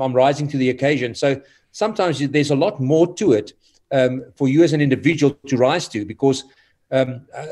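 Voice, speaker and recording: A man's voice: medium pitch, darkish tone. Guy, earnest pep talk, stumbles and repeats himself a bit. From South Africa. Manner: earnest, motivational, halting. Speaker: guest, former rugby player. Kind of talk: casual interview chat.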